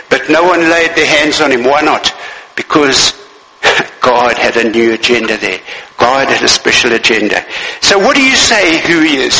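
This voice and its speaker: A man's voice: fairly high pitch, bright, forceful tone, reverberant, long reverb tail, low-quality recording. A male preacher giving a sermon in a church, repeating key phrases and asking his listeners rhetorical questions.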